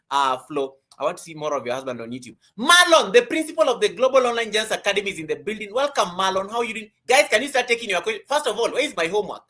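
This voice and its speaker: Male host, fairly high and bright, chatty and teasing, casual live-stream coaching. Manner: chatty, greets viewers by name, teasing.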